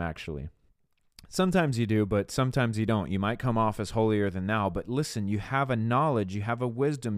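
A man's voice: fairly low pitch, no echo, studio quality. A man preaching a podcast sermon, moving between earnest spoken prayer and urging his listeners on. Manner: earnest, exhorting, addresses listeners as guys.

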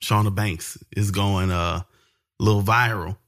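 Low-voiced man telling stories casually. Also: a little slow. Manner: relaxed storytelling, frequent fillers. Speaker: podcast co-host. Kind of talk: casual podcast chat.

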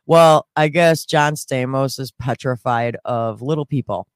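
A woman's voice: extremely low pitch, a little slow, clear, resonant tone, no echo, studio quality. A woman co-host in casual chat who laughs often and talks in a loose, casual way.

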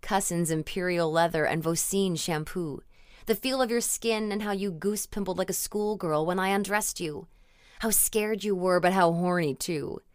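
A woman's voice: lowish voice, normal speed, clear, resonant tone, no room sound, studio quality, lightly acted. Devoted older lover, tender and pleading, read by the woman narrating the audiobook. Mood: reminiscing. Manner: pleading, then tender and reminiscing. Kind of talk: audiobook character reading.

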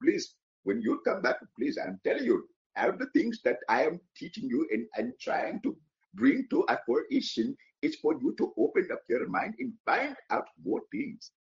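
A man's voice: sits high, sing-song, moderate pace, vocal fry, pitched above the performer's own voice, exaggerated voice. A man putting on an earnest, preachy teacher voice that pleads with the listener. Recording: slightly muffled audio.

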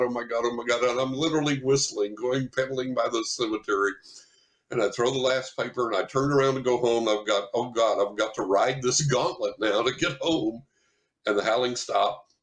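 A man, a psychic medium guest on a podcast, telling a long personal story in an animated way and acting out what people said. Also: medium pitch. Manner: animated storyteller, acts out quoted voices. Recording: roomy echo.

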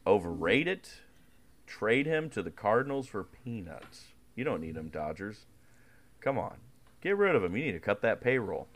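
A man's voice: fairly low pitch, sing-song, normal speed. A man co-hosting a podcast in a casual, joking, teasing chat. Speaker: podcast co-host.

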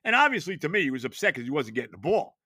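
A man's voice: a little high, very animated, rapid-fire, pushed and bright, husky, no echo, clean studio sound. A man in his later years hosting a sports podcast, talking casually and with emphasis, often asking rhetorical questions. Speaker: podcast host.

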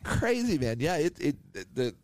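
A man's voice: fairly high pitch, big pitch swings, measured pace, darkish tone, dry recording. Laughing, rambling man. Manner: rambling storyteller, laughs often. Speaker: podcast co-host. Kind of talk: casual chat.

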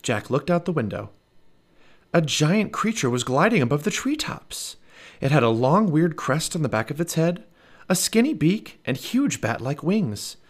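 A man in his thirties reading a children's book aloud as a podcast storyteller, expressive and animated. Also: a little high, normal speed.

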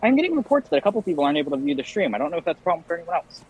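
A man's voice: a little high, sing-song, very fast, husky, poor audio. A man playing his character in a tabletop game, hesitant and full of fillers. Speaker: player. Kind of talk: casual in-character play.

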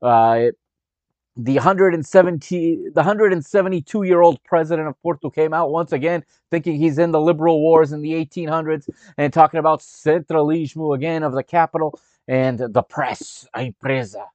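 A man's voice: fairly high pitch, normal speed, a little mellow, no echo, highs cut off. A man hosting a sports podcast, talking in a brash, mocking and sarcastic way while recording at his workplace. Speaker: podcast host.

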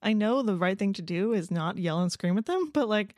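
A woman in casual podcast chat, animated, laughing often and acting out quoted voices. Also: mid-range voice, fairly quick, dry recording, studio quality.

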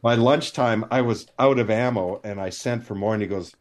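A man, a film armorer, telling animated anecdotes with voiced quotes in a live interview over a video call. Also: fairly low pitch, moderate pace.

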